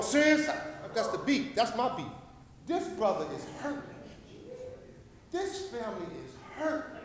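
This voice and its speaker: A man from Paterson, New Jersey, giving an impassioned, preacher-like public comment at a city council meeting, rambling and fervent, with loudness that swells and drops. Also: extremely high pitch, sing-song, slow, long pauses, a crowd in the background. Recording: echoey council chamber with long reverb.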